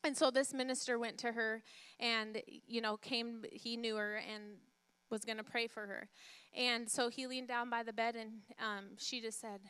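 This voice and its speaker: Woman pastor preaching, bright clear voice, keeps asking the room questions, repeats herself for emphasis. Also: a little high, level tone, moderate pace, no room sound. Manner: emphatic, repeats phrases, asks the congregation questions; drops to a soft hush when retelling a story. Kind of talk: sermon.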